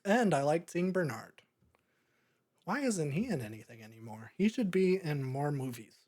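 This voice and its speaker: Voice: mid-range voice, very animated, moderate pace, darkish tone. A podcast host talking through a movie in a casual, rambling way, often breaking into laughter. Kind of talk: casual movie review chat.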